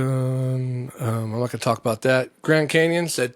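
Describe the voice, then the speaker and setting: A man's voice: mid-range voice, measured pace, few pauses, no echo. A man hosting a comedy podcast alone, rambling, profane and jokey. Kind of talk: rambling solo podcast chat.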